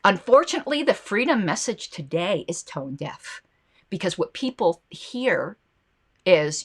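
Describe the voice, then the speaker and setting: A woman's voice: medium pitch, very animated, measured pace, breathy edge. A woman hosting a political commentary show, talking casually and reacting to viewer comments and ads. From United States.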